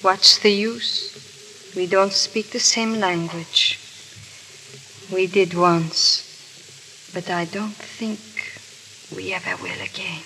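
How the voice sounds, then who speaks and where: An actress playing a troubled, proud aristocratic wife who speaks earnestly and with reproach. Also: female voice, mid-range voice, steady tone, slow pace, pauses often, pushed and bright, slight background noise. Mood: reproachful.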